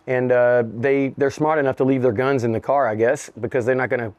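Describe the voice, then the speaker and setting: His voice is mid-range and a little mellow, fairly even in intonation and a little fast, in a dry recording with the highs cut off. Being interviewed, this middle-aged rapper spins a profane, laughing story in conversation and imitates the voices of the people in it.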